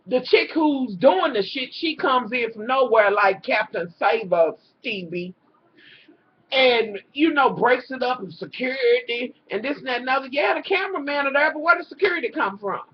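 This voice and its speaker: A woman's voice: fairly high pitch, breathy edge. A woman recapping a reality show in a profane, casual rant, talking straight to her viewers and swearing constantly. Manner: animated, exasperated, swears constantly, talks to viewers as y'all. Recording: dull lo-fi home recording.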